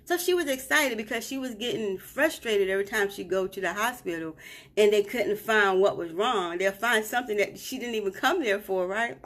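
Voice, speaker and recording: A woman's voice: mid-range voice, moderate pace, fairly bright tone. A grieving mother live streaming from a hotel room, retelling events emotionally and often checking in with "right?".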